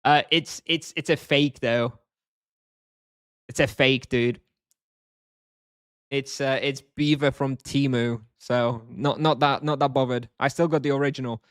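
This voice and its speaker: A man's voice: medium pitch, fairly even intonation, a little slow, pauses often, clear, resonant tone, dry recording, studio quality. A man streaming a game live, chatting casually and answering viewers at length. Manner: rambling, reads chat aloud and answers.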